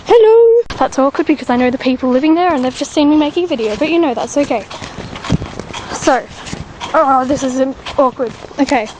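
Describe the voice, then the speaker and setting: A woman's voice: high-pitched, a little fast, background noise. An Australian woman vlogging in a rambling, chatty, self-mocking way. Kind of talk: casual vlog chat.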